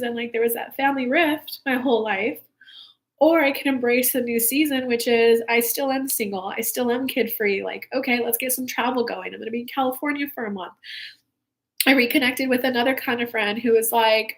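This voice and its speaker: Young female spiritual coach, live-stream host, fairly high voice, loose and heartfelt, rambly. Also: brisk. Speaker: spiritual coach hosting a live reading show. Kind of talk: casual talk to live viewers.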